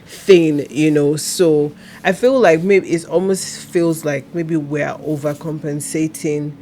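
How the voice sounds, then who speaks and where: A woman, a mother speaking on a casual discussion panel in a measured, reflective way. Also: low voice, warm tone, a little hiss or hum.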